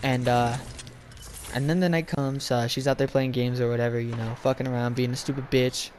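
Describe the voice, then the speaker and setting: A man's voice: medium pitch, little pitch movement, a little fast, a little mellow, a little hiss or hum. A young man telling a profane, rambling story while gaming, full of filler words. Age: young adult. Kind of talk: casual rant while gaming.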